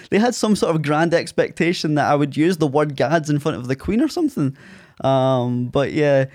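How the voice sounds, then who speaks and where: A Scottish man in his thirties with an Ayrshire accent tells stories as a guest in a casual interview, animatedly acting out quotes in a raised voice. His voice is a little high and brisk, recorded in studio quality with no echo.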